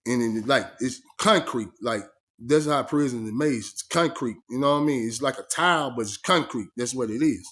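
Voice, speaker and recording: A man's voice: mid-range voice, moderate pace, fairly bright tone. A man telling a story in casual first person, emphatic and streetwise, often asking "you know what I mean". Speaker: vlogger.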